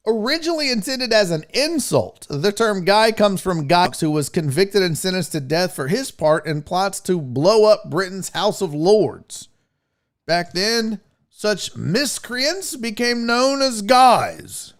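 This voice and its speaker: A man with a high voice hosts his own podcast. His pitch swings all over as he rambles through trivia, cracking jokes and tossing in curse words. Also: very animated, measured pace. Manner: rambling, jokey and profane. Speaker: podcast host. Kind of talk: casual live podcast chat.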